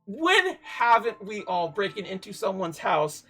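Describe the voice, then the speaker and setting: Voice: medium pitch, very animated, measured pace, pushed and bright, soft background music. A streamer reading a game aloud on a live stream and breaking off for playful, joking asides.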